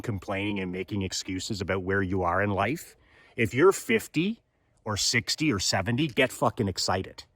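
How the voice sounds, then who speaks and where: A man's voice: mid-range voice, fairly bright tone, no room sound. A man in his fifties giving a fervent motivational monologue, firing rhetorical questions and repeating his points. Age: 50s. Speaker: motivational speaker.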